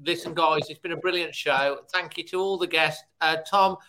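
Male podcast host, high bright voice, chatty sign-off, faint call noise. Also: steady tone, normal speed, poor audio. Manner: laughs helplessly, chatty sign-off. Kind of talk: casual chat.

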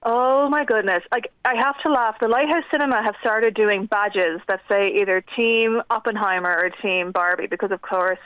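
A woman's voice: mid-range voice, moderate pace, hardly any pauses, no echo. A young Irish woman guest, chatting animatedly about films and laughing often. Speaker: film news editor guest. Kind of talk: casual radio interview. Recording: tinny phone line.

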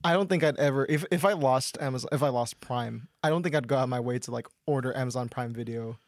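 A man co-hosting a casual podcast chat, agreeable and halting in his phrasing. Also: medium pitch, no room sound. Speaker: podcast co-host.

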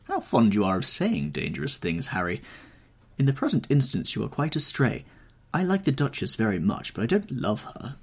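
A man voicing a nervous, brooding young gentleman, anxious and pleading, in an audiobook reading. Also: on the low side, huge pitch swings, moderate pace, slightly rough, pitched above the performer's own voice, exaggerated voice. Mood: restless.

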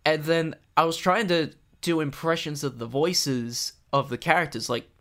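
A young man with an Australian accent that carries some American tones, talking as a podcast guest in a halting, self-reflective way with many restarts. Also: a little high, fairly even intonation, a bit bright. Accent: Australian with American tinges. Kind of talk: casual chat.

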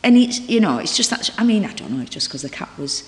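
A woman actor talking candidly as an interview guest, chatty and halting, with lots of restarts and acted-out dialogue. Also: mid-range voice, sing-song, a little mellow. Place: library reading room. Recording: roomy echo with long reverb.

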